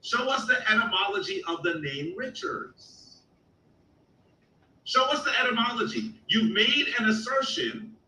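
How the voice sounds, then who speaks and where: A man's voice: extremely high pitch, lively intonation, measured pace, sharp tone. A man hosting a heated live debate, insistent and cutting in to demand evidence, heard as distant, echoey call audio. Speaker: host of a debate show.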